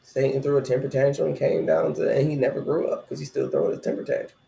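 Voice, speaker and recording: Gravelly man musing in an echoey room. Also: mid-range voice, fairly even intonation, quick pace, mellow, slight background noise. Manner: rambling, conversational, reflective. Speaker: spiritual vlogger. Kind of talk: casual spiritual talk.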